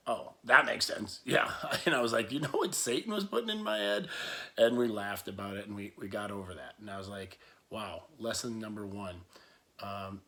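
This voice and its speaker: A man's voice: on the low side, sharp tone. A man telling a rambling personal story to camera, full of restarts, asides and laughs. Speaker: vlogger.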